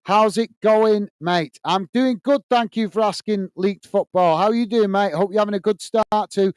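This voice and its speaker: A man's voice: high-pitched, normal speed, darkish tone, smooth, no echo. Chatty man reading chat aloud. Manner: chatty, friendly, reads viewer comments aloud with many uhs. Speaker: host reading live chat. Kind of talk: casual live-stream chat.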